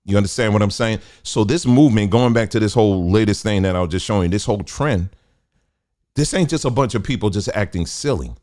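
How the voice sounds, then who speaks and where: A middle-aged man, hosting a casual livestream and talking in an animated, preachy, colloquial way. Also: lowish voice, a little fast. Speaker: host.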